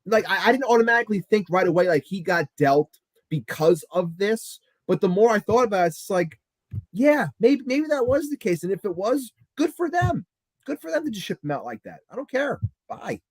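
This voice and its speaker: Heated New podcast co-host. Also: male voice, sits high, very animated, a little fast, dry recording. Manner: heated, exasperated, swears. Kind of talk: heated sports talk rant.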